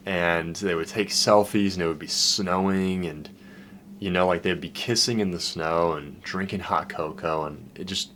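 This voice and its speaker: A dating coach talks in a loose, candid, profane monologue, saying "dude" and "man" every other line, turning heartfelt and emotional as he recalls past loneliness. His voice sits low and steady, fairly bright, at normal speed, with a little hiss or hum.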